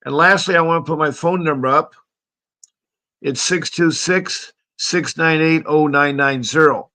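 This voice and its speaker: A man's voice: a little high, a little slow, bright, forceful tone. A man hosting a live stream call-in show, talking casually with a slightly scratchy voice and a friendly, rambling manner full of fillers.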